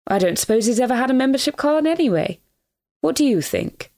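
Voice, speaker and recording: A woman's voice: high voice, lively intonation, a little fast, mellow, pitched above the performer's own voice. A woman reader voicing a florid, mock-dignified man who speaks with elaborate, theatrical politeness in a storybook reading. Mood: mock-courteous.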